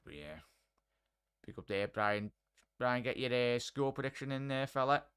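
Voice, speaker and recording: A man's voice: medium pitch, lively intonation, moderate pace, fairly bright tone, clean tone. Chatty man commentating live football. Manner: chatty, addresses chat and viewers by name. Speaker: watchalong host.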